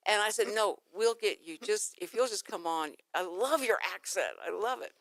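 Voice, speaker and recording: A woman's voice: medium pitch, normal speed, hardly any pauses, fairly bright tone, no echo. A woman hosting a casual radio talk show, chatty and laughing often, who likes to play with accent impressions.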